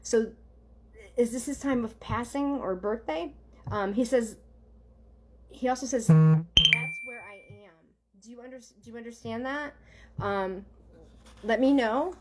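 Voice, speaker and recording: Gentle halting woman giving a live reading. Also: fairly high pitch, a little hiss or hum. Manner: halting, gentle, addresses viewers directly with many ums and okays. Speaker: psychic medium. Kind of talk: live online reading for viewers.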